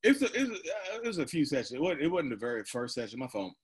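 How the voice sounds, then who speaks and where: Interview guest: husky-voiced man, thirties, loose rambling delivery, laughs easily. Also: fairly high pitch, big pitch swings, quick pace. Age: 30s. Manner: casual, rambling, laughs often, quotes himself in asides. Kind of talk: candid personal conversation.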